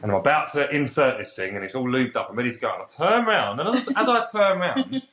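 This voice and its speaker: A British man, a podcast guest, telling a frank anecdote in a casual, animated way. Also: medium pitch, fast, roomy sound. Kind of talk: casual storytelling.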